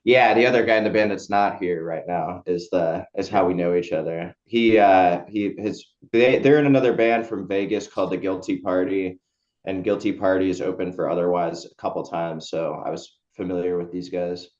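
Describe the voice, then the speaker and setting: A man's voice: deep voice, steady tone, normal speed, darkish tone, dull audio. A man who is a guitarist, telling a story as a podcast guest in a loose, rambling way with lots of fillers. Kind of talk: casual interview chat.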